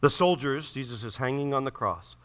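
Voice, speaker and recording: Bright-toned preaching man. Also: medium pitch, brisk. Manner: builds from calm teaching to loud impassioned preaching, acting out quoted voices. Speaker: pastor. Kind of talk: sermon.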